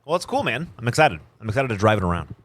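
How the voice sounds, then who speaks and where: A man's voice: on the low side, big pitch swings, very fast. A man in casual podcast chat, rambling with lots of fillers. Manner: filler-heavy, rambling with lots of 'like' and 'um'. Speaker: podcast co-host.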